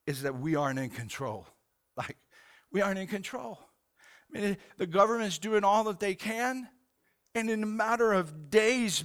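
A male pastor giving an earnest sermon, halting and repeating himself, often saying "man". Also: sits high, fairly bright tone, clean tone.

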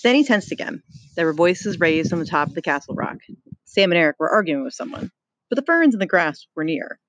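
A teacher reading a novel aloud, pausing to explain and pose questions to the listener. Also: medium pitch, very animated, a bit bright. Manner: explains and poses questions to the reader.

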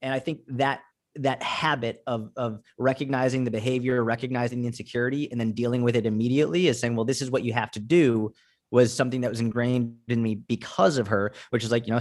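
Speaking fast with a steady, slightly mellow medium-pitched voice, a young fitness coach chats as an interview guest on a podcast. He shares personal anecdotes loaded with filler words and frequent "like"s, captured in a dry, studio-quality recording.

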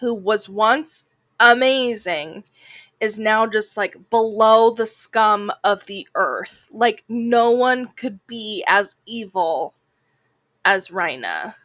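A woman's voice: mid-range voice, slow, a bit bright, no echo. A woman co-hosting a casual anime discussion podcast, chatty and full of "like" fillers, sounding a bit like a Valley girl. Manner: chatty, heavy use of "like" fillers. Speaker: podcast co-host.

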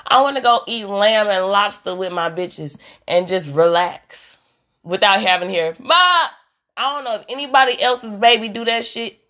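A young woman doing a profane comedic rant about motherhood, animated and full of mimicry. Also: mid-range voice, normal speed.

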